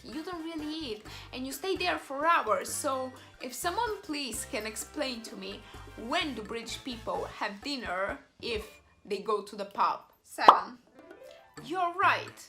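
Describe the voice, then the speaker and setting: A woman's voice: on the high side, bright, forceful tone. A woman vlogging to camera in a casual, joking way with confiding asides.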